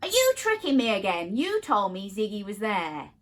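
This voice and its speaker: A young woman teaching a phonics lesson to small children, animated and sing-song, gasping in mock surprise. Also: mid-range voice, moderate pace.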